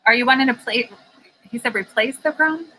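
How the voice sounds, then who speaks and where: Casual live-stream co-host, woman, bright and forceful tone, a touch high, giggly and rambling. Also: brisk, rough recording. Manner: giggly, rambling, laughs often. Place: home garage.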